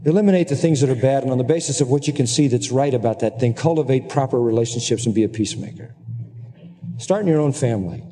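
A middle-aged man preaching a sermon, earnest and emphatic, at times climbing into high, excited exclamations. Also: quick pace. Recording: long hall reverb.

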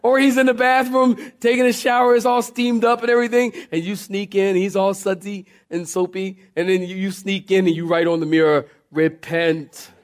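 A man's voice: high voice, a little fast, hardly any pauses. A man preaching a sermon, telling stories with humor, restarting phrases and speaking straight to his congregation. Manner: animated storytelling with humor and repeated restarts; addresses the congregation directly. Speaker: pastor.

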